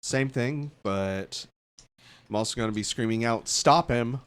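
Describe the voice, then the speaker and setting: A man's voice: lowish voice, a little slow, clean tone. A man playing a tabletop game, eagerly talking through his moves as he plays. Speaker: player. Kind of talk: casual tabletop play.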